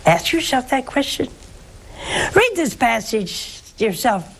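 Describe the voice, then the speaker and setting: Slow, emphatic nun hosting a faith show. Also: female voice, high-pitched, very animated, rough recording. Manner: slow, emphatic, with rhetorical questions. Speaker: religious TV host and nun. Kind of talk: devotional teaching and call-in advice.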